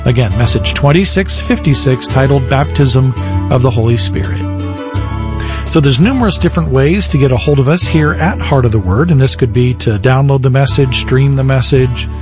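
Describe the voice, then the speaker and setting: A man hosting a sermon broadcast, wrapping up with steady, clear announcements about the program. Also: mid-range voice, normal speed, over music. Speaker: radio program host.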